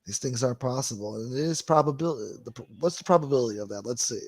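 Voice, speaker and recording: A man's voice: mid-range voice, fast talker, dry recording. A man hosting a livestream, reading chat comments aloud and riffing on them in profane, rambling, wisecracking casual chat. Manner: profane, rambling, wisecracking, calls people boy.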